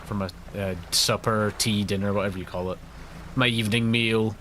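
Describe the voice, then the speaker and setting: A man's voice: lowish voice, fairly even intonation, normal speed, fairly bright tone, slight background noise. A Scottish man streaming a game live, telling rambling, chatty stories with frequent laughs. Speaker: gaming streamer. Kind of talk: live let's-play commentary.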